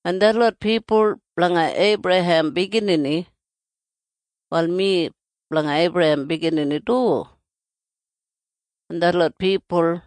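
A reader with an Australian Kriol accent, reading scripture aloud in a steady, earnest recitation. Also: mid-range voice, dry recording.

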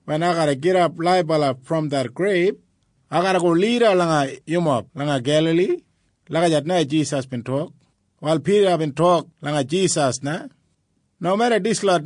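A man with an Australian Kriol accent narrates a story in an even, unhurried way. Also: fairly high pitch, no echo, clean studio sound. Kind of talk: scripted narration.

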